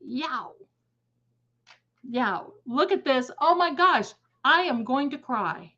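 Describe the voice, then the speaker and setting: A woman's voice: high-pitched, animated, takes it slowly, long pauses, sharp tone. A woman hosting a tarot live stream, chatting casually in an effusive, gushing way.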